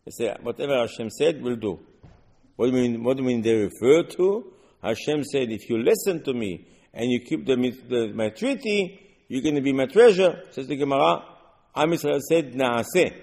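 A man giving a Torah lesson, explaining verses line by line in halting non-native English mixed with Hebrew. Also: mid-range voice, lively intonation, darkish tone, in a large hall. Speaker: Torah teacher.

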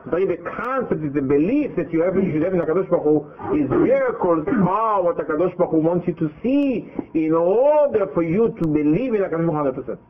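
Husky man teaching over a phone line. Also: fairly high pitch, animated. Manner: halting, repeats words, acts out dialogue. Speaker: rabbi teaching a class. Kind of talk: religious lesson.

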